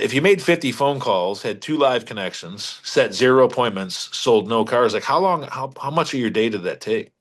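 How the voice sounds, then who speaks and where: A man's voice: mid-range voice, fairly bright tone. A middle-aged man, a car dealership leader, talking casually as a podcast guest in a blunt, emphatic way, repeating words and restarting sentences as he goes. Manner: salty, blunt sales talk. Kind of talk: casual interview talk.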